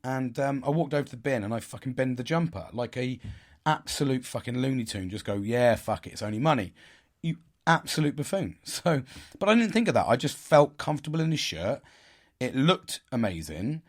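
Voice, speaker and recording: Man, casual storytelling, lively pitch, swears often, self-mocking laughs. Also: brisk. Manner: animated, swears a lot, laughs at himself. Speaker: podcast host.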